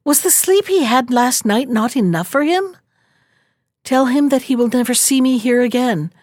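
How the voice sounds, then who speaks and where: A woman reading as a gentle storybook princess. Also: sits high, animated, moderate pace, dry recording, clean studio sound. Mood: earnest. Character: freed young princess, gentle and sorrowful.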